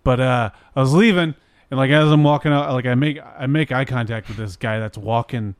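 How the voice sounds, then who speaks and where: A man's voice: medium pitch, a little fast, clean tone, no echo, studio quality. A young man telling a story in casual chat, rambling, swearing and filling his talk with "like". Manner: rambling, heavy 'like' fillers, swears, acts out voices in his story.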